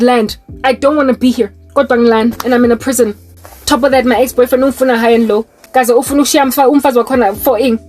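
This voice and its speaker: A woman's voice: high-pitched, darkish tone. A young South African woman with a South African accent, preaching fervently in a personal monologue, firing rhetorical questions and mixing in local-language phrases. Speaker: Christian online preacher.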